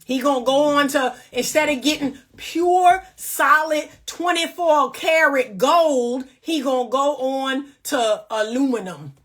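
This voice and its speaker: A woman's voice: sits high, measured pace, hardly any pauses, fairly bright tone. A woman relationship coach giving blunt, emphatic faith-based commentary in a casual talk.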